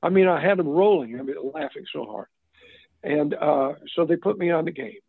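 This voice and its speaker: Speaking at normal speed in a slightly high, gravelly, somewhat rough voice, an older interview guest tells stories casually, wandering off with frequent restarts and asides. The recording is dry and comes through a tinny phone line.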